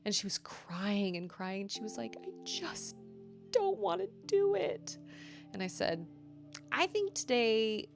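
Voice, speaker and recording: A woman in her thirties chatting casually to her viewers at home, rambling and laughing often. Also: mid-range voice. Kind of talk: casual chat. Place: home bedroom.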